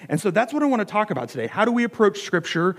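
A man's voice: sits high, sing-song, very fast. Chatty American man preaching a sermon. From United States. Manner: chatty, self-deprecating storyteller with frequent fillers. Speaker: pastor. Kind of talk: sermon with storytelling.

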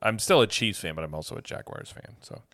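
A man in his thirties co-hosting a podcast in a studio, talking in a relaxed, rambling way with lots of fillers. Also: low-pitched, fast talker, vocal fry, no echo. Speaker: podcast co-host. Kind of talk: casual chat. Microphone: studio microphone.

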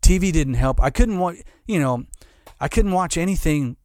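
A man's voice: on the high side, animated, darkish tone, dry recording, studio quality. A middle-aged man telling a hard personal story as an interview guest, candid and emotional, stumbling and repeating his words. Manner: halting, restarts, repeats words; candid and emotional, says dude. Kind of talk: casual conversation, personal story.

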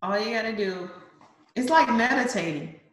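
A woman and mother in casual chat, unhurried and encouraging, often agreeing with a quick "yeah". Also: fairly high pitch, animated, fairly bright tone. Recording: echoey room.

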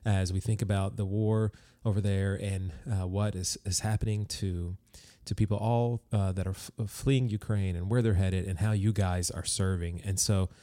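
Deep, mellow-voiced male podcast host. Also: fairly even intonation, normal speed, hardly any pauses, no room sound, clean studio sound. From United States. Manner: friendly, easygoing, with fillers and restarts. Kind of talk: conversational podcast interview.

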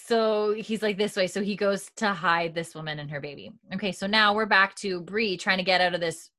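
A woman's voice: medium pitch, moderate pace, sharp tone. A woman co-hosting a casual chat, retelling scenes at length with many fillers and acting out the characters' lines. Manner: acts out quoted lines with a put-on Scottish lilt. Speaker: podcast co-host recapping an episode.

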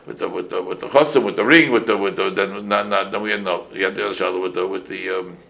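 A man in his sixties, a rabbi giving a casual halacha class full of stories, talking in an animated way with many restarts and Yiddish phrases. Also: low voice, fast, creaky, low-quality recording.

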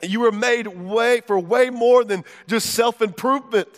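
Male pastor with a high voice, fervent conversational sermon, big reverberant church hall. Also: a little slow. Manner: fervent, conversational preaching with direct questions to the crowd.

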